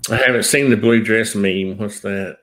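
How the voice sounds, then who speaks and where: A man's voice: fairly low pitch, fairly even intonation, normal speed, fairly bright tone. Tennessee-accented man, chatty. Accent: Tennessee Southern. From Tennessee, USA. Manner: chatty storyteller, laughs easily. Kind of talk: casual livestream chat.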